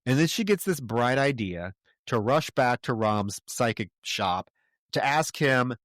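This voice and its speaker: A man co-hosting a podcast, retelling a movie in casual, profane, animated chat. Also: medium pitch, measured pace, no echo, studio quality. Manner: animated, profane storytelling with laughs. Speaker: podcast co-host. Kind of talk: casual chat recapping a film.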